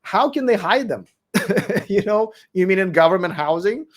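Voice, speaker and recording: Answering comments during a late-night stream, this man speaks at normal speed in a high, expressive voice that's weak as he loses it. He argues bluntly, swears, and says the same things over and over.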